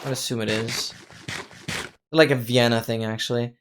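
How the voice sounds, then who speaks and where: Slight background noise sits behind this streamer's mid-range voice as they chat at a moderate pace during a live game stream. They're excitable, exclaim often, and keep thanking viewers.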